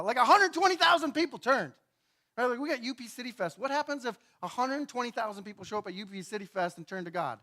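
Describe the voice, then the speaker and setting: Male pastor, high voice, casual storytelling sermon with acted-out character bits and frequent "right?" checks. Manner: animated storytelling, acting out biblical characters in quick asides; casual, chatty, often asks "right?". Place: church sanctuary.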